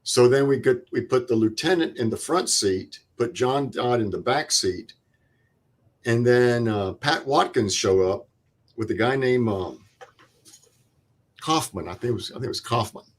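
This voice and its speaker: Older man telling a war story. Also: mid-range voice. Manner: plain vivid retelling with quoted dialogue and pauses. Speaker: veteran guest. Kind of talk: interview storytelling.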